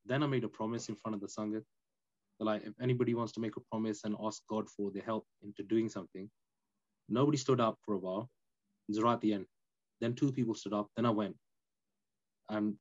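Animated man, slightly dull audio. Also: on the low side, fast. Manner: animated, emphatic, peppered with "innit" and "you know". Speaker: podcast guest. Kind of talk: casual storytelling chat.

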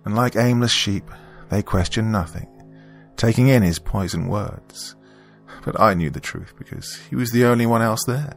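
A man voicing a tearful young woman who speaks softly, grieving and resentful, in an audiobook. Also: fairly low pitch, moderate pace, soft background music, voice pushed up, natural voice. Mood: bitter. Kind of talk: audiobook character voice.

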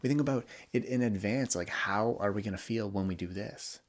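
A man's voice: on the low side, fairly quick. A young man hosting a solo podcast, talking candidly and reflectively about his feelings, with frequent restarts. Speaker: podcast host.

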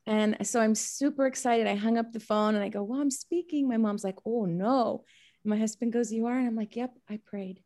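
Woman, animated storyteller, slightly high voice, video call audio. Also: brisk. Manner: animated, acts out quoted dialogue. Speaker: study group member.

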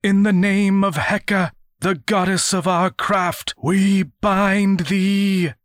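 A man's voice: fairly high pitch, steady tone, very slow, dry recording, studio quality, pitched above the performer's own voice. A man voicing a stern eldest witch who chants in a jagged wail. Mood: chanting. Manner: wailing chant.

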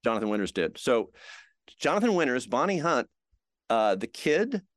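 An older American man, a veteran TV host, telling showbiz anecdotes in a relaxed interview and acting out the quotes. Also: medium pitch, moderate pace, no echo, studio quality. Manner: animated anecdotes, acts out quotes. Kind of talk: storytelling chat.

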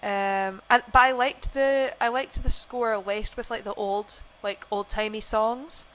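A woman's voice: mid-range voice, steady tone, unhurried, fairly bright tone. A young woman co-hosting a podcast, chatting casually about a film, gushing and full of fillers and restarts. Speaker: podcast co-host. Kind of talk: casual film-review chat.

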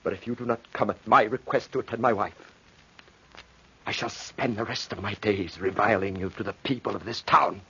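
A devoted husband desperate to save his dying wife, earnest and pleading, with a husky voice. The sound is a dull lo-fi 1940s radio drama broadcast. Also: lowish voice, fairly even intonation, moderate pace, pushed and bright, heavily acted.

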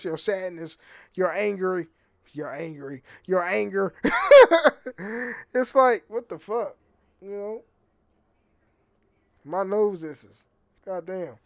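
Rambling profane man, high voice. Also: dry recording, studio quality. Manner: rambling, profane, repeats words, laughs often. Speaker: podcast host. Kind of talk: casual solo podcast rant.

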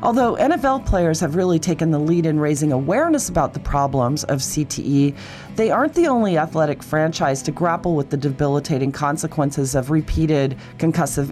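A woman with a low, deep voice hosts a talk show. She reads a polished, scripted introduction in a smooth, measured way. Soft music plays faintly behind her. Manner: polished, read-aloud delivery. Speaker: podcast host. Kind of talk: scripted introduction and interview questions.

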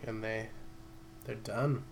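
A man's voice: lowish voice, fairly even intonation, takes it slowly, creaky. A young man co-hosting a podcast, chatting loosely, musing and laughing a lot. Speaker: podcast co-host. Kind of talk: casual podcast chat.

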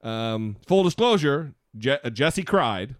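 A man co-hosting a casual podcast, with a lively, swinging delivery and quick asides. He pokes fun at himself as he talks. The recording is dry and close, with no room sound. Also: mid-range voice, no room sound. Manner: animated, self-mocking, quick asides. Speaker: podcast co-host.

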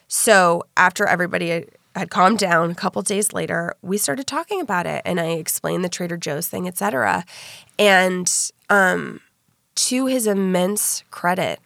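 A woman hosting a casual chat, animated and candid, swearing freely. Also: lowish voice, moderate pace, vocal fry, no room sound, studio quality.

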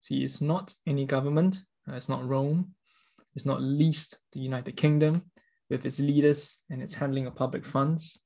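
A man's voice: medium pitch, fairly even intonation, moderate pace, gravelly, warm tone. A man preaching a sermon, reading scripture and explaining it in an earnest, emphatic way with repeated words.

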